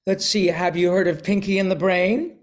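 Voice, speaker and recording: Reading a picture book aloud to a class via video call, this older voice actor also chats with the kids and sometimes clears his throat. His voice sits high, with fairly even intonation at a normal speed.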